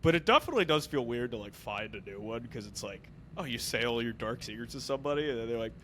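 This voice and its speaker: A young man co-hosting a podcast in casual comedic chat, joking and slipping into high, exaggerated voices when quoting people. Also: lively intonation, fast talker, fairly bright tone, slight background noise. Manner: jokey, slips into exaggerated high voices for quotes. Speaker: podcast co-host.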